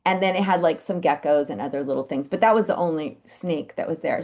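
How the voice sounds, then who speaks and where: A woman telling animal stories in a chatty, animated way on a live video call. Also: deep voice, brisk, hardly any pauses. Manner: chatty, animated, with lively quoted asides. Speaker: animal Reiki practitioner sharing stories. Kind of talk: casual storytelling on a live call.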